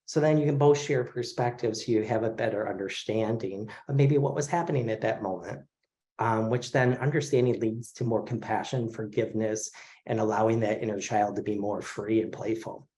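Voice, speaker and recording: A man in his forties teaching an online therapy class, talking in a relaxed, conversational way with many fillers over a video call. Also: on the low side, normal speed. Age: 40s. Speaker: craniosacral therapy instructor. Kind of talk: casual online lecture.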